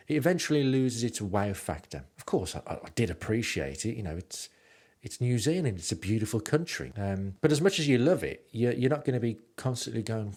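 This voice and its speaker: A man's voice: mid-range voice, animated, a little fast, darkish tone. A man narrating his travel stories in a rambling, self-mocking way with lots of ums. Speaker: podcast host and narrator.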